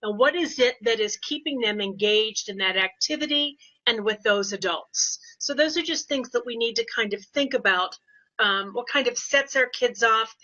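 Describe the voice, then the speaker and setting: Older lady chatting on a podcast, kinda high voice, acts out little quotes, muffled audio. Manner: animated storytelling with quoted voices. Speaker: behavior consultant guest. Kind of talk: casual podcast interview. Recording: dull lo-fi audio.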